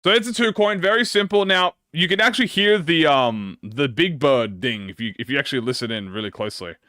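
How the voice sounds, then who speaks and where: Man, gaming reaction host, excitable, slangy, dry close recording. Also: a little high, fairly quick, no echo. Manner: excitable, slangy, swears, laughs often. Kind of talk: casual reaction commentary.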